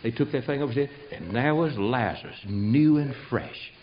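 An older man from Australia preaching a sermon as a dramatic storyteller, acting out the scenes with sudden shouts. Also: mid-range voice, moderate pace, dull audio.

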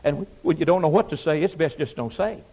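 Preacher man, fairly high voice, folksy and emphatic sermon delivery, muffled recording. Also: a little fast, husky. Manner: folksy, emphatic, swings from loud exclamations to low asides.

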